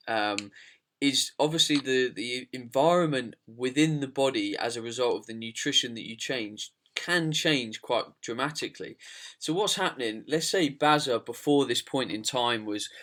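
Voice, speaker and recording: A man's voice: medium pitch, bright, forceful tone. A man hosting a podcast, chatting casually and explaining nutrition at length, repeating phrases as he goes. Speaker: podcast host.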